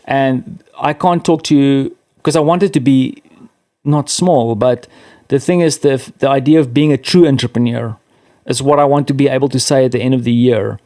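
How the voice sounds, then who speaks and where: A man's voice: medium pitch, normal speed, mellow. Chatty South African man. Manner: chatty, self-deprecating, many restarts. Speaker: podcast guest. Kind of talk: casual conversation.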